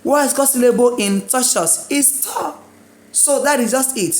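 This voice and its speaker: A woman's voice: medium pitch, expressive, moderate pace, slight background noise. A woman teaching an exam-prep lesson, chanting suffixes in a singsong and drilling word lists. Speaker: English teacher.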